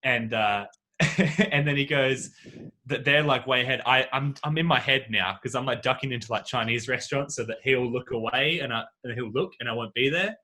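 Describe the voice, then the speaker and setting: A man spins an anecdote on a casual podcast, his voice bright and forward. He jumps into the voices of everyone in his story as he goes, and he is talking into a home video-call mic. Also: medium pitch, a little fast. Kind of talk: casual chat. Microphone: video call microphone.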